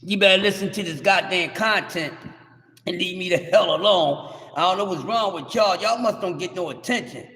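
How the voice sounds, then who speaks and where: A man, hosting a livestream and ranting in brash, cursing trash talk that rises to shouts. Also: high voice, normal speed. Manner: loud, rising to shouts. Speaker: livestream host. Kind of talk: heated livestream rant. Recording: echoey room with long reverb.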